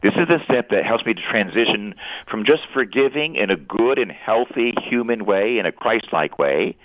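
A lively priest preaching over a tinny, phone-like line, his fairly low voice swooping widely as he teaches. He sounds earnest and animated, slipping into playful asides. The sound is dry and close. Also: normal speed, no echo. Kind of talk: radio talk, preaching.

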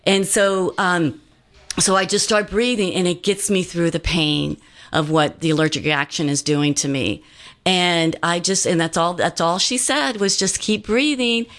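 A woman's voice: on the low side, unhurried, a bit bright. A woman guest giving an earnest personal testimony in casual talk, with many fillers and restarts.

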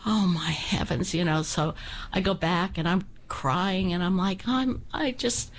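A woman guest on a radio show, telling a personal story in a lively way and acting out the people in it. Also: fairly low pitch, measured pace. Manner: animated, acts out voices in her story.

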